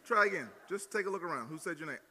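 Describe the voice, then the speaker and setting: A man's voice: fairly high pitch, very fast. A male pastor with a Southern accent, preaching playfully and teasing the crowd during an audience demo. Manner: jokey, teasing, energetic with crowd. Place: large hall at student gathering. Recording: long hall reverb.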